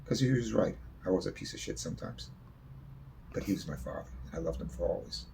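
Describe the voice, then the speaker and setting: Man, low gravelly voice, rambling storyteller who swears freely; faint noise behind. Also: lively intonation, quick pace. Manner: long-winded, swears freely. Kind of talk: spoken personal anecdote.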